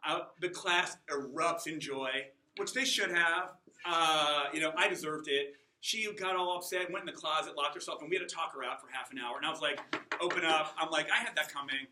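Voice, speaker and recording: A man's voice: on the high side, brisk, hardly any pauses, pushed and bright, reverberant, a little hiss or hum, poor audio. A man in his forties telling comic stories about himself to a classroom, wry and self-mocking. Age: 40s. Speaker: adult student giving a class speech. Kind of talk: comic personal storytelling.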